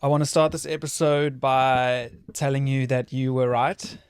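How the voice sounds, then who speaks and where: A man's voice: mid-range voice, steady tone, moderate pace, clear, resonant tone, no echo, clean studio sound. Easygoing man podcast co-host. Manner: easygoing, self-deprecating banter. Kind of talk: casual chat.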